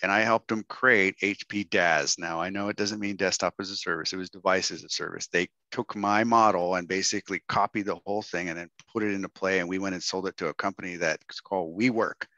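A man's voice: sits low, steady tone, brisk, few pauses, bright, forceful tone, dry recording, muffled recording. A middle-aged man from Texas, telling a story to a workshop audience and acting out the quotes in raised voices. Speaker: guest speaker.

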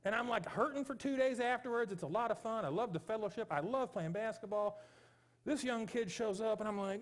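A pastor in his forties preaches to his congregation in a church, his voice sitting a little high for a man. He pleads earnestly and sometimes breaks into animated, joking stretches. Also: normal speed. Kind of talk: sermon. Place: church sanctuary.

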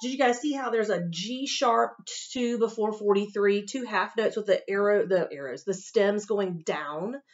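A woman's voice: medium pitch, normal speed, hardly any pauses, faint music behind. A woman teaching violin to her students, talking them through tricky passages in a patient, encouraging way and often checking in with "okay?". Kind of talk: instrument lesson, talking students through a piece. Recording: dull home recording with violin playing.

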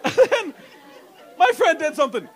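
A young comedian works a club crowd with a bright, high voice that leaps up and down. He swears freely, mocks himself and slips into voices for the people in his stories. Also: big pitch swings, normal speed. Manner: profane, self-mocking, acts out voices. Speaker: stand-up comedian. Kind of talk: stand-up comedy set. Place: comedy club with live audience.

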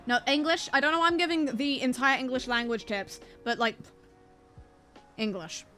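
A woman's voice: sits high, expressive, moderate pace, bright, forceful tone, soft background music. A woman streaming a game, chatting playfully, joking at herself and laughing often. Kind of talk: casual game-stream commentary.

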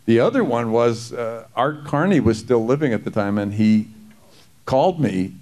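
Animated man telling stories on a panel. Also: mid-range voice. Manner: animated storyteller, quick to do voices and laugh. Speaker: actor panelist. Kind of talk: convention panel anecdotes. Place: convention hall panel.

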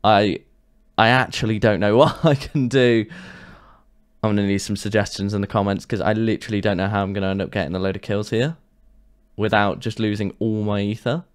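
Talking fairly fast with even intonation, a gaming YouTuber with a lowish, clear and resonant voice gets fed up during casual commentary, cursing and ranting out of frustration.

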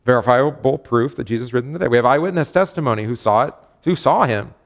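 A man's voice: mid-range voice, quick pace. A man, a pastor, leading a casual Bible study, chatty and self-correcting, reading scripture aloud with emphasis.

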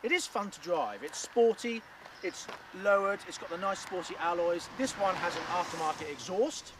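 A man's voice: high-pitched, expressive, moderate pace. A man presenting a light-hearted car review vlog, outdoors by the cars and behind the wheel. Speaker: car reviewer, show host. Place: outdoors by cars and inside a car while driving. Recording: distant mic with loud outdoor and road noise. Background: traffic and car noise.

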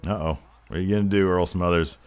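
A man's voice: deep voice, fairly even intonation, fast talker, darkish tone, smooth. A man giving jokey, profane mock wrestling play-by-play while playing a video game. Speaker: gameplay commentator.

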